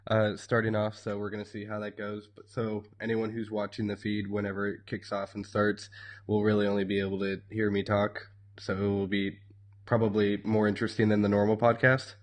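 A man co-hosts a casual podcast and talks in a wry, meandering way, with many fillers along the way. His voice sits a little low. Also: completely flat delivery, fairly quick. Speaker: podcast co-host. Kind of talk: casual chat.

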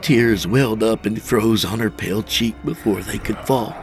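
A man narrating a first-person horror story as podcast host, measured and tense. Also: lowish voice, soft background music.

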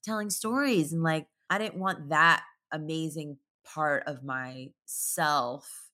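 A woman chatting casually as a podcast guest, bubbly and quick to laugh. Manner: bubbly, laughs often, animated pitch jumps. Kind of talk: casual chat.

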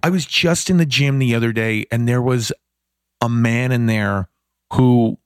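A middle-aged man, a podcast guest, telling a story in a casual chat, animated and self-deprecating. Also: medium pitch, measured pace, clean tone.

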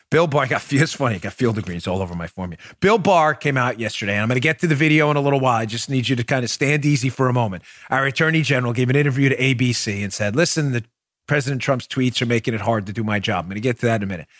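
A man hosting a political talk show, delivering an emphatic, animated monologue full of rhetorical questions. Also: medium pitch, dry recording, clean studio sound.

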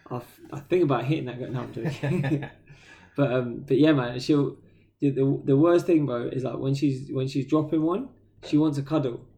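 A man with a British accent co-hosting a podcast, telling stories in a casual, slangy, animated way. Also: mid-range voice, moderate pace, gravelly. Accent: British English. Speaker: podcast co-host. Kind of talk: casual chat.

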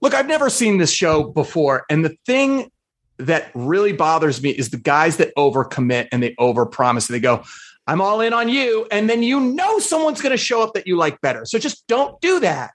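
A man's voice: a little high, very animated, normal speed. A man who is a guest on a podcast, starting out hesitantly and then giving a firm opinion in casual talk. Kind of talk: casual chat.

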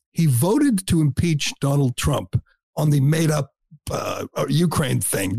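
Gravelly blunt middle-aged male talk host. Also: fairly high pitch, a little mellow, no echo, clean studio sound. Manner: blunt, combative, scornful. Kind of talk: opinion monologue.

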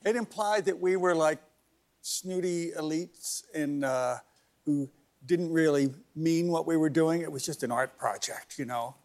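An older man, a band's singer on a talk show, answering in a hesitant, soft-spoken, dry way. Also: fairly high pitch, unhurried. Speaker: singer, band guest.

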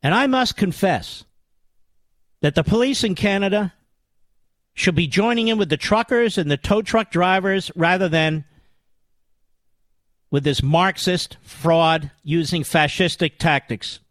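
A man's voice: sits high, a little slow, pauses often, fairly bright tone, dry recording. A man hosting a political talk radio show, delivering a combative, indignant monologue with emphatic repetition.

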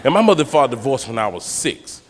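A man doing a stand-up comedy routine, telling slangy, animated stories and acting out the characters. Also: mid-range voice, fast talker. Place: comedy stage before a live audience. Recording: live club hall with crowd noise. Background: audience laughter.

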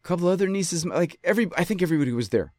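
A man from western New York telling a story in a casual monologue, animated and ranting, often cutting himself off mid-sentence. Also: sits high, rapid-fire, no echo, clean studio sound. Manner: animated, ranting, self-interrupting. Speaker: podcast host.

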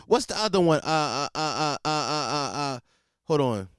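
High, animated Philly man ranting. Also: moderate pace, clear, resonant tone, dry recording, studio quality. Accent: Philadelphia. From Philadelphia, USA. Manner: animated, swings between shouting and muttering, repeats himself. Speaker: comedic ranter. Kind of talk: profane comedic rant to camera.

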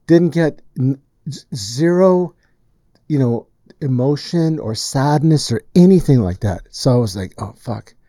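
A man's voice: medium pitch, a little slow, dry recording. A man who produces music, telling a studio story in casual chat and acting out the lines he quotes. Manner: animated storyteller, acts out quotes.

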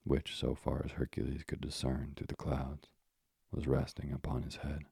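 A man narrating a classic storybook in a measured, old-fashioned manner, with moralizing asides. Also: rumbling low, completely flat delivery, vocal fry, warm tone, husky, no room sound, studio quality.

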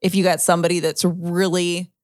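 A woman's voice: lowish voice, flat delivery, brisk, dry recording, studio quality. A woman co-hosting a podcast in casual chat, talkative with frequent fillers, who also reads short news items. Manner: chatty, lots of fillers. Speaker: podcast co-host.

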